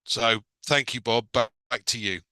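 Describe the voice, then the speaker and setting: Bright, smooth-voiced man giving testimony. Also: medium pitch, no room sound, low-quality recording. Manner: sincere, measured, with fillers. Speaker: participant in an online group call. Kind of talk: personal testimony.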